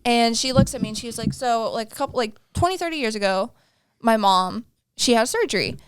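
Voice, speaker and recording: A woman's voice: fairly high pitch, a little fast, a little hiss or hum. A woman around thirty co-hosting a podcast, telling stories in a chatty way and acting out the dialogue. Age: about 30. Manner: chatty, laughing, acts out dialogue. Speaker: podcast co-host. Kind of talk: casual storytelling chat.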